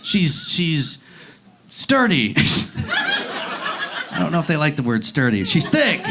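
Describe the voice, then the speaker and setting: High, lively stand-up comedian man. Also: slow pace, noisy background. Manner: profane, rambling, acts out voices. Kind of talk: live stand-up set. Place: comedy club stage.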